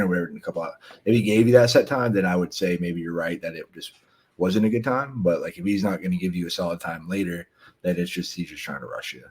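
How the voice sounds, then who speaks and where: Fast-talking deep-voiced man coaching. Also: darkish tone, slightly rough. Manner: fast, filler-heavy, blunt. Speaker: host and sales coach. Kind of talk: casual coaching chat.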